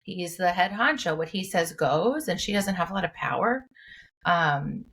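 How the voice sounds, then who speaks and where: A woman co-hosting a podcast as a mental health clinician, talking in an earnest, expressive way. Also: on the low side, normal speed, breathy edge. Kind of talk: casual podcast discussion.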